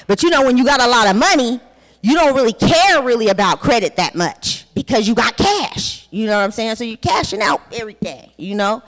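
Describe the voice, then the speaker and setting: Conference speaker: a woman in her forties with a high voice, blunt and profane, in a reverberant hall. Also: sing-song, a little fast, a bit bright. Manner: candid, blunt, profane storytelling. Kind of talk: personal testimony talk.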